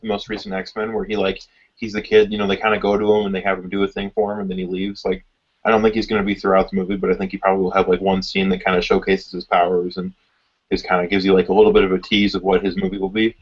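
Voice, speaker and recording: A man in a casual fan discussion, talking quickly and filling his speech with "like". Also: low-pitched, monotone. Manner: rapid, lots of "like" fillers. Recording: dull lo-fi audio.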